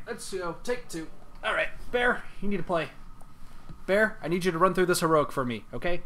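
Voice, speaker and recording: A man's voice: fairly high pitch, expressive, normal speed, sharp tone, a little hiss or hum. A man streaming a video game, talking to himself in playful, rambling chat. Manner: playful, rambling self-talk.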